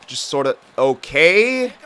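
A man's voice: fairly high pitch, sing-song, slow pace, bright, forceful tone, clean tone. A young man giving live gameplay commentary, ranting and swearing in frustration at a hockey video game. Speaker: gamer.

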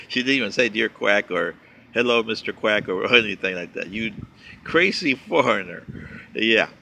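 A man's voice: lowish voice, normal speed, gravelly, pushed and bright, a little hiss or hum. A man giving a sarcastic, mocking political commentary, reading and answering viewer letters.

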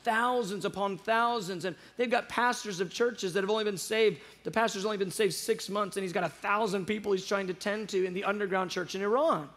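A man telling a personal faith story in casual chat, animated and acting out the dialogue, with frequent restarts. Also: high-pitched, a little fast, few pauses. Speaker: guest speaker on prayer show.

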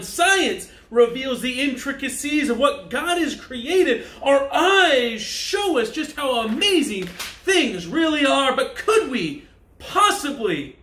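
A man's voice: very high-pitched, big pitch swings, slow, bright, forceful tone, echoey room. A man teaching a kids church lesson in an upbeat, emphatic tour-guide style.

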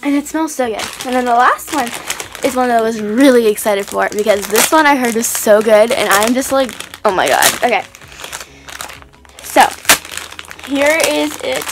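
A young woman unboxing squishies in a casual vlog, gushing and excitable, full of "like" and "oh my god". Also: a little high, moderate pace, music in the background. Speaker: vlogger.

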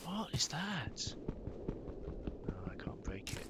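A man giving relaxed commentary while playing a survival game, wondering aloud and breaking into excited outbursts. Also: a little high, takes it slowly, whispered. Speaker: gaming YouTuber. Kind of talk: Minecraft let's play commentary.

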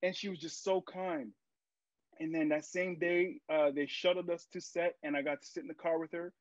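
Young guy on a podcast telling stories, voice a bit high, dry muffled mic, lots of "you know what i mean". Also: moderate pace, dry recording. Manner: animated storyteller, acts out quotes, many fillers. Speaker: actor, podcast guest. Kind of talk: casual interview storytelling.

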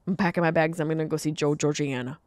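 Grumpy older dad who dreads winter, low gruff grumbling, put on by a woman. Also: fairly even intonation, fast, darkish tone, dry recording, close to an everyday voice.

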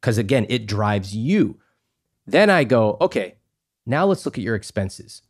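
A man in a podcast interview, talking emphatically and acting out little exchanges, his voice climbing high when he stresses a point. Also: big pitch swings, measured pace. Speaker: guest, personal finance author.

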